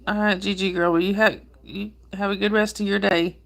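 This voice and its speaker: A woman hosts a relaxed livestream, greeting her viewers by name. Her voice is hoarse from a cold, with a gravelly, creaky edge, and she sniffles now and then as she chats. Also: medium pitch, brisk. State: hoarse with a cold and sore throat. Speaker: livestream host. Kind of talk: casual live chat with viewers.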